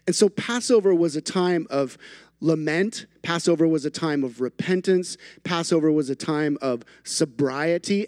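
High-voiced emphatic male preacher. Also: a little mellow, no echo, clean studio sound. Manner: emphatic, builds through repeated phrases with playful asides. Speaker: pastor. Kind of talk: sermon.

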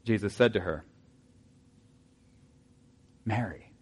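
A man preaching a sermon in a conversational way, asking his listeners rhetorical questions and dropping into soft asides. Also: mid-range voice, expressive, normal speed. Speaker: pastor.

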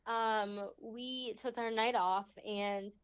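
A young woman guest telling a faith story in casual chat, full of "like"s and quick laughs. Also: fairly high pitch, steady tone, clean tone, no room sound. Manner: chatty, many fillers and "like"s, laughs often. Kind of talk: casual testimony in a faith podcast. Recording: slightly dull, lo-fi.

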